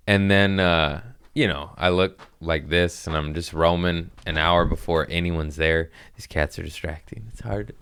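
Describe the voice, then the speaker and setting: Low-voiced comedian rambling about his night. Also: steady tone, unhurried, hardly any pauses, fairly bright tone, clear, resonant tone. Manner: rambling, laughing, talks to his cats. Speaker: comedian podcast host. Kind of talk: casual storytelling monologue.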